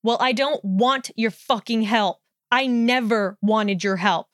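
A woman's voice: mid-range voice, fairly even intonation, normal speed, clear, resonant tone, no room sound, studio quality, natural voice. A woman doing a snarling, scornful young man. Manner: snarling, contemptuous, swearing. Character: sneering hostile young man, snide bully.

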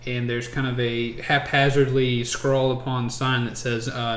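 A man's voice: mid-range voice, little pitch movement, normal speed, fairly bright tone. A man narrating a tabletop game as game master, hesitant with many fillers and restarts. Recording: echoey room, faint noise.

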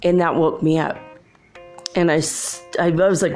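A woman's voice: low voice, steady tone, unhurried, creaky, a little mellow, faint music behind. A woman hosting a show, telling chatty, rambling stories in a casual monologue and laughing often. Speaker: show host.

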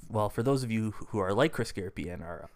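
A man's voice: fairly low pitch, animated, quick pace. A man co-hosting a casual podcast, teasing his guest as he runs a quiz game. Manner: playful quiz-master, teasing. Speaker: podcast co-host. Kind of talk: casual chat.

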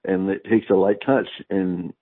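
A man's voice: deep voice, steady tone, measured pace, husky, no echo. A man co-hosting a podcast, retelling a comic story in a laid-back, easygoing way. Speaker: podcast co-host. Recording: tinny phone-like line, dry.

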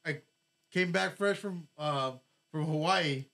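A man tells his story loosely and at length, stacking fillers and dropping casual curses. His voice sits a little higher than most men's. He sounds like a guest on an informal chat show. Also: slow, a bit bright. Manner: rambling storyteller, swears casually, many fillers.

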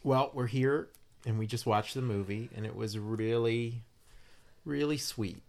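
A man in his forties co-hosts a casual movie review chat. He talks in an easygoing, conversational way and often drops in quick side comments. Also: mid-range voice, gravelly, background noise. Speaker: podcast co-host, musician.

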